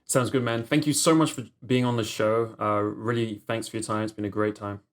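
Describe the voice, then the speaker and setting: A man hosting a podcast, friendly and brisk as he thanks his guest. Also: fairly low pitch, fairly even intonation. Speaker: podcast host. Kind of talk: casual interview chat.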